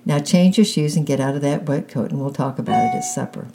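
A woman's voice: low-pitched, fairly quick, vocal fry, music in the background. A woman reading as a busy practical storybook mother. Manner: mild, distracted.

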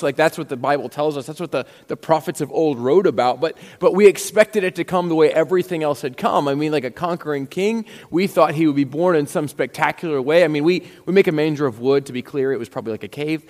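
Speaking fast with hardly any pauses, this pastor has a somewhat high, darkish voice. His sermon unfolds as conversational storytelling with quoted dialogue he acts out, all under long hall reverb.

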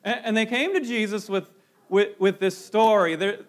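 High-voiced man preaching a conversational sermon. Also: moderate pace. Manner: conversational preaching with rhetorical questions and restarts. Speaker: pastor.

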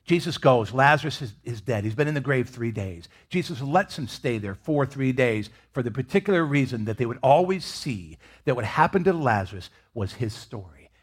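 A man preaching a sermon as pastor, expressive, swinging between loud emphasis and hushed, near-whispered lines. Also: mid-range voice, normal speed, hardly any pauses, breathy edge.

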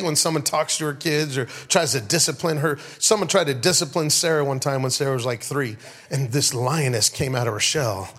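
A man's voice: on the high side, a bit bright. A middle-aged man preaching a sermon to his church, telling funny stories and calling out to the congregation. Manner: storytelling, call-and-response with the congregation. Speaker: pastor. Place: church sanctuary.

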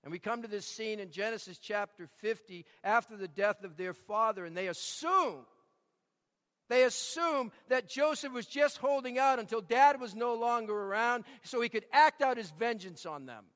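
A man's voice: sits high, animated, moderate pace, fairly bright tone, in a large hall. A man preaching a sermon, telling stories and repeating key lines for emphasis. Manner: storytelling with emphatic repetition. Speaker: pastor.

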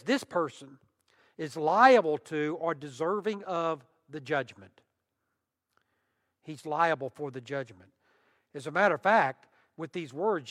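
A man preaching a sermon as pastor, emphatic, with long pauses and rising intensity. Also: a little high, big-room sound.

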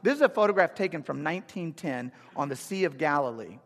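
Energetic preacher in an echoing sanctuary. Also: male voice, fairly high pitch, fairly quick. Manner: energetic, humorous, conversational preaching. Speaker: pastor. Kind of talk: sermon. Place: church sanctuary. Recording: long reverb of a large hall.

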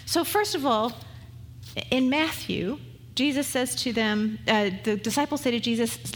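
Woman pastor giving a sermon, kinda high voice, chatty and jokey, acts out the quotes. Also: animated, a little slow, big-room sound, a little hiss or hum. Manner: conversational and humorous, acting out quoted voices.

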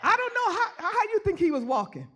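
Woman preacher, sermon, bright piercing voice, shouts, repeats lines, calls on the congregation by name. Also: extremely high pitch, big pitch swings, fairly quick, some chatter behind. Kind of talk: sermon with call-and-response. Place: church.

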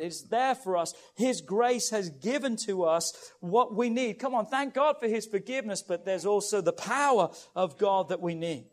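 A man preaching a sermon who reads scripture aloud, urges his congregation on, and builds to loud, impassioned climaxes. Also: high-pitched. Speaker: pastor.

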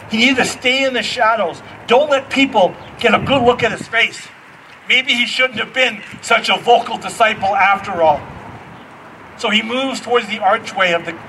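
Bright high-voiced male pastor preaching. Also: distant mic, a little hiss or hum, low-quality recording. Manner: animated, acts out voices in his stories. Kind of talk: storytelling sermon.

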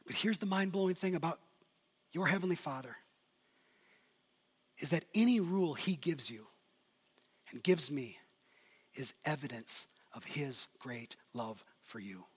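A middle-aged male pastor preaching a sermon, swinging between loud emphatic lines and quiet, intimate asides. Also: on the high side, expressive, unhurried, pauses often, slightly rough. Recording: long reverb of a large hall.

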